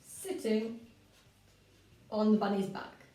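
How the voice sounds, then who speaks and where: A woman's voice: mid-range voice, unhurried. Patient woman teaching in an echoey room. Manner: clear and patient, with lively expressive reading. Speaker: primary school teacher. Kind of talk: story-writing lesson for children. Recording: roomy, from a distance.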